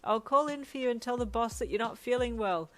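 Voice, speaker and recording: A woman reading a fan story, voicing an affectionate, doting young man with a soft, tender delivery. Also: fairly low pitch, fairly quick, slight background noise, lightly acted. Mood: cheerful.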